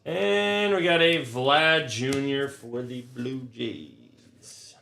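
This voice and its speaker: A man's voice: mid-range voice, drawn-out words, gravelly, bright, forceful tone. Blunt, profane male card-break host. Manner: blunt, profane, sarcastic rants between listing cards. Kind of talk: casual live card-break commentary. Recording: echoey room, faint noise. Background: crinkling card wrappers, clicks.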